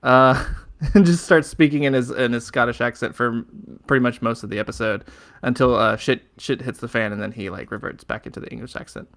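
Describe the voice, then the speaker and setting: A man's voice: medium pitch, fairly quick, gravelly, a bit bright. A man co-hosting a casual podcast, recapping a TV episode with many fillers and small laughs. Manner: rambling, filler-heavy, chuckling recaps. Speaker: podcast co-host.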